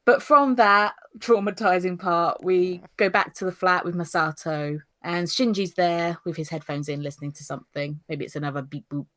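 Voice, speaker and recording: A woman co-hosts a casual review podcast. Her voice sits on the low side, and she retells the story in a chatty, animated way with lots of giggles. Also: moderate pace. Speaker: podcast co-host, newbie reviewer.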